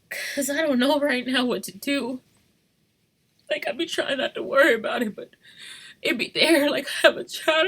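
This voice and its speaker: A young woman in an emotional confessional vlog, crying and talking softly at home. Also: a little high, a little slow, long pauses, slightly rough. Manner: tearful, shifting between crying, soft whispers and rueful laughs. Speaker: vlogger. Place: home at night.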